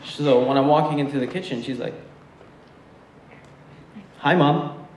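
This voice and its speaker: A man's voice: mid-range voice, steady tone, fast talker, a little mellow. A young man doing a stand-up set, telling a story in a chatty way with many fillers. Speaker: stand-up comedian. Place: comedy stage with a live audience. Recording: echoey venue from far off, faint noise.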